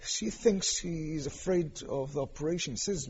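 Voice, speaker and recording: A man telling a long story in a sermon, animated and acting out the characters' quotes. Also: a little high, moderate pace, a little hiss or hum. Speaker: rabbi lecturer. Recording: lo-fi dull recording.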